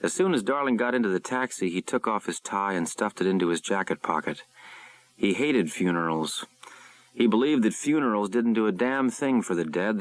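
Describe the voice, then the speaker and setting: A man narrating a thriller audiobook in a measured, suspenseful way. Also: low-pitched, no echo. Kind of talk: scripted narration.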